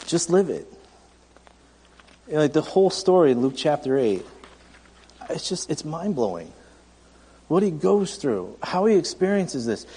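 Man, thirties, pastor, sermon, chatty storytelling, fairly high voice, reverberant sanctuary. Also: very animated, unhurried, pauses often, warm tone, breathy edge. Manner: conversational, storytelling with many restarts.

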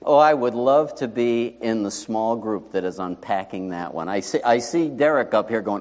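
Animated male preacher in a reverberant hall. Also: medium pitch, moderate pace, few pauses. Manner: animated, conversational preaching full of rhetorical questions. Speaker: pastor. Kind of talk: sermon. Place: church sanctuary. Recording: long reverb in a large hall.

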